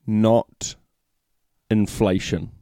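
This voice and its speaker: A man's voice: on the low side, flat delivery, drawn-out words, mellow, clear, resonant tone, no room sound, clean studio sound. A man co-hosting a podcast in casual chat, teasing his partner and reading out listener questions. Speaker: podcast co-host.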